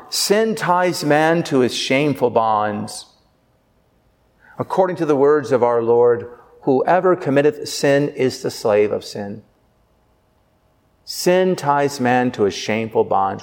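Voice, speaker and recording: A priest preaching a sermon with earnest delivery, slowing down for emphasis. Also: male voice, on the high side, darkish tone, big-room sound.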